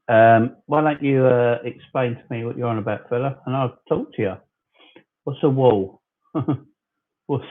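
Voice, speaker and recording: Tinny-sounding fan host in his forties. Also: fairly low pitch. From southern England. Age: 40s. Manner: chatty, rambling, argues with commenters, calls them fella. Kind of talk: casual livestream chat reading comments.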